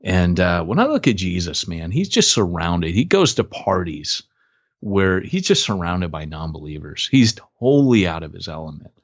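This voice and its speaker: A man co-hosting a podcast, telling a story in casual chat and acting out quotes in a higher voice. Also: very animated, normal speed, dry recording, dull audio. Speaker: podcast co-host, church planter.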